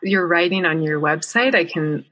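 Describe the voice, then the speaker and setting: Lady podcast host, lowish voice, gushy and effusive. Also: normal speed. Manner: warm, effusive praise with soft asides. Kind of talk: podcast interview.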